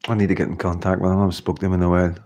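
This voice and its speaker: A man's voice: sits low, flat delivery, very fast, a little mellow. A middle-aged man hosting a casual livestream, chatting in a rambling way and laughing often. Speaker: livestream host. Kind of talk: casual live-stream chat.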